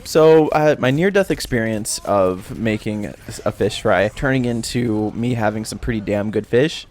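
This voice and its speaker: A young man narrating a personal story in a casual vlog, swearing a lot and breaking into panicked shouts while he acts out the memory. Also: lowish voice, measured pace. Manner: swearing, screams in acted-out panic. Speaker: storytelling vlogger.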